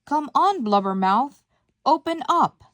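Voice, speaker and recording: A woman reading a storybook aloud, voicing a small excitable male cricket who shouts urgent orders. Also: a little high, slow pace, no echo. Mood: yelling.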